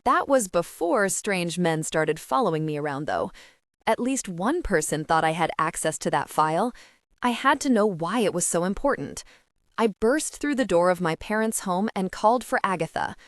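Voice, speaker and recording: Expressive woman narrating an audiobook. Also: fairly low pitch, moderate pace, dry recording, clean studio sound. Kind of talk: scripted first-person audiobook narration.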